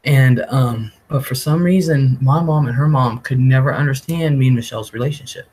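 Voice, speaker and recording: A man's voice: medium pitch, a little fast, darkish tone, husky, rough recording. A man hosting a live stream, telling a rambling story casually, often laughing and swearing. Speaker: livestream host.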